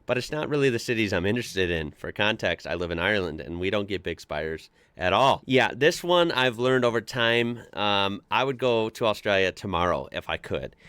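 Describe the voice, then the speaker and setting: A man's voice: fairly low pitch, animated, fairly quick, hardly any pauses, fairly bright tone, clean tone, dry recording. An American man hosting a casual commentary show, chatty and amused as he reads posts aloud and adds his own asides. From United States. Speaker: host reacting to online posts.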